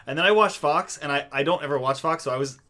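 A man's voice: fairly high pitch, fast, bright, forceful tone. A man co-hosting a casual political chat, recounting what he saw with disbelief and frequent swearing. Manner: incredulous storyteller, swears for emphasis. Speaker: podcast co-host.

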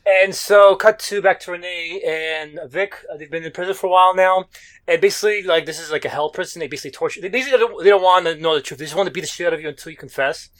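Casting: brisk, animated guy, bit high, loose and profane, comic-book podcast energy. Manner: excitable, swears a lot, acts out characters' lines. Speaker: podcast co-host recapping a comic. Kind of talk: casual chat.

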